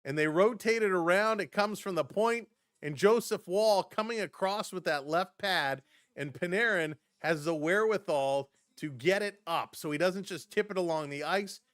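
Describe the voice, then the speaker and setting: A man's voice: sits high, normal speed, a bit bright, no room sound, studio quality. A man hosting a live hockey stream, mixing casual play-by-play with laughing chat to viewers. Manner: chatty, laughs often, jumps between plays and viewer chat.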